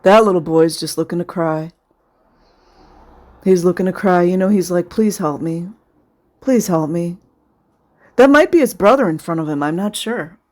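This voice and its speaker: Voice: medium pitch, moderate pace, darkish tone. A video commentator talking casually over footage, sarcastic and indignant, sometimes sounding close to tears.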